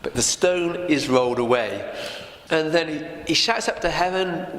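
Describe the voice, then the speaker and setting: A man's voice: a little high, expressive, normal speed, a bit bright. A man teaching a Bible passage as a story, often turning to listeners with tag questions. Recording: echoey room with long reverb, faint noise.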